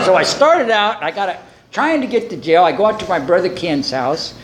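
An older man sharing his recovery story at a meeting, animated and acting out the voices of people in it. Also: sits high, normal speed, echoey room, noisy background.

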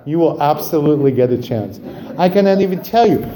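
A man sharing his own story at a recovery meeting, animated and acting out dialogue, then growing quiet and subdued on serious parts. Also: fairly high pitch, fairly quick. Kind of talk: personal recovery share.

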